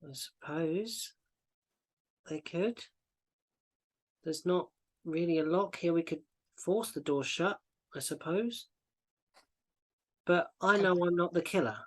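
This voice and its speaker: A man's voice: high-pitched, takes it slowly, pauses often, pitched above the performer's own voice. A man voicing a wary fae woman.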